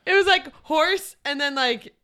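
A woman's voice: high voice, measured pace, a loud crowd. A woman co-hosting a podcast, joking and teasing her co-host. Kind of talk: casual chat.

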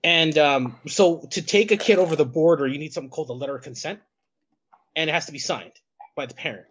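A man's voice: fairly high pitch, fast, a bit bright, husky. A man co-hosting a podcast, a wrestling coach telling a rambling story with restarts and swearing. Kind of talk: casual chat, telling an anecdote.

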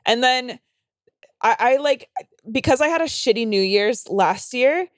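A woman's voice: fairly high pitch, expressive, measured pace, no room sound, clean studio sound. A young adult woman, a comedian and podcast host, telling a story in casual chat, rambling with constant fillers, swearing, and acting out quotes in dramatic voices.

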